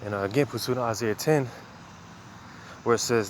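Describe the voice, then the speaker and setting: A man's voice: medium pitch, fairly quick, a bit bright, a little hiss or hum. A man giving a casual, conversational sermon, reading scripture and talking it over with many "man" and "you know" asides. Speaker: religious teacher.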